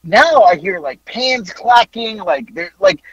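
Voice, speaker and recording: A man's voice: high-pitched, slow pace, husky, no room sound, lo-fi sound. A man hosting a podcast, telling a story in a casual chat. He swears freely and keeps breaking into laughter. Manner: animated, profane, laughing through his story. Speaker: podcast host.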